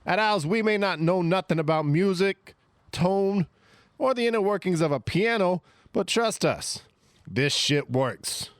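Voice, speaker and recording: A man's voice: lively intonation, unhurried, no room sound, studio quality. A man voicing a shady, cheery wire salesman in a spoof ad, with a put-on accent wandering between Canadian and Italian. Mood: cheery sly. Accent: put-on mix of Canadian and Italian. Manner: chirpy sales pitch with gangster slang. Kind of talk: parody radio ad.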